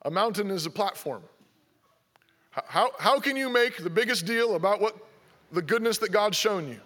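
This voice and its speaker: Bright-voiced preacher exhorting his congregation. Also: high voice, animated, moderate pace. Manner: exhorting, repeats rhetorical questions. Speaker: pastor. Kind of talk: sermon.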